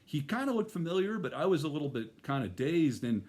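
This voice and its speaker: A man's voice: a little high, very animated, a little fast, darkish tone. A middle-aged man telling a personal story in a casual, rambling way, full of fillers and restarts. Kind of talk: first-person spoken storytelling.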